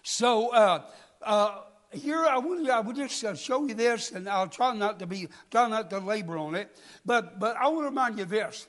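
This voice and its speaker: A man's voice: sits high, expressive, moderate pace, a bit bright. A male preacher, delivering a folksy sermon and asking the congregation questions. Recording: long hall reverb.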